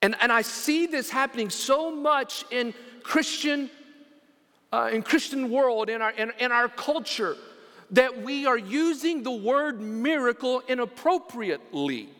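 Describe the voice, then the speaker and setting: High, bright-voiced preaching pastor. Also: male voice, measured pace. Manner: animated preaching, repeats words, asks the congregation to respond. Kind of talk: sermon. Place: church sanctuary. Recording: long church hall reverb.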